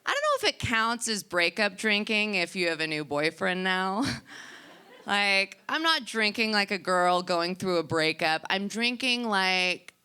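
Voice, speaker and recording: A woman doing a stand-up routine with a deadpan, drawn-out delivery. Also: mid-range voice, smooth. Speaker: stand-up comedian.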